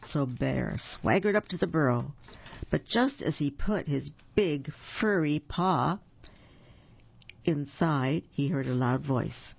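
Brief: slow unhurried picture-book reader, gravelly, dull lo-fi recording. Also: medium pitch, animated, no echo. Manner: gentle, explaining asides. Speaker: storybook reader. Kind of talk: reading picture books aloud to children.

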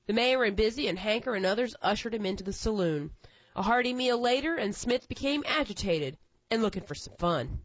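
A woman's voice: mid-range voice, expressive, brisk, no echo, dull audio. A woman reading a tall tale aloud as storyteller, in a lilting way.

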